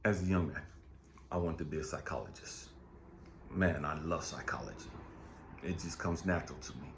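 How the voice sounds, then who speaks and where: A middle-aged man giving an impassioned motivational monologue. He is blunt and profane, repeats lines for emphasis, and swings between low murmurs and fired-up outbursts. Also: moderate pace, reverberant, noisy background. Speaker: motivational speaker.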